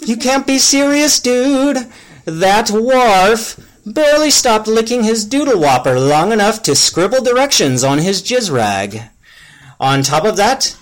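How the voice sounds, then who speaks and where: A man voicing a small furry mole-like elf man who whines and complains in a high, strained voice. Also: sing-song, a little slow, full character voice. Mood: exasperated. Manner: complaining, exasperated.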